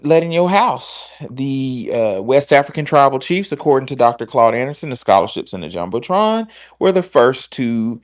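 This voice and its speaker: A man's voice: medium pitch, no room sound, studio quality. A man hosting a podcast, telling loose, profane stories in casual chat. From American South. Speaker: podcast host.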